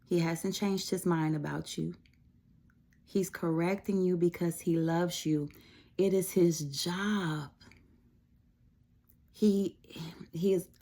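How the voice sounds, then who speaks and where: Brief: woman, low mellow voice, reassuring faith-talk, chatty with fillers. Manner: conversational, reassuring, frequent fillers and soft laughs. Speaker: Christian devotional speaker. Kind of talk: casual devotional message.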